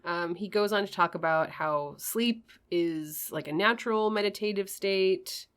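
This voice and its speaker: A woman's voice: mid-range voice, unhurried, a bit bright. A woman co-hosting a podcast in casual chat, talking loosely with lots of "like" and "you know". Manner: chatty, hedging with "like" and "you know". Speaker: podcast co-host.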